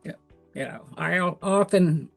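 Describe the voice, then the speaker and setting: A woman's voice: fairly low pitch, takes it slowly, gravelly. A middle-aged woman with a Southern accent, speaking as a guest in an interview. She tells her story in an earnest, candid way, peppered with fillers. A faint bed of music sits behind her voice. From Tennessee. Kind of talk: interview answers.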